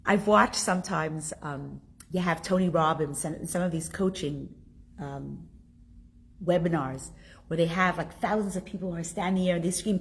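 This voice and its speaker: A woman leading a live online religious class. She reads viewers' comments aloud and talks with emotion, rising high with excitement and sinking to near-whispers. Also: normal speed, gravelly, breathy edge.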